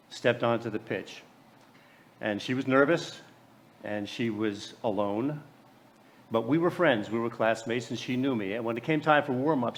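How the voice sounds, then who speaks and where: American man in his sixties giving a speech. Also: medium pitch. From USA. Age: 60s. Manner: halting, repeats words while telling a personal story. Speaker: keynote speaker. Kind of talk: storytelling keynote speech.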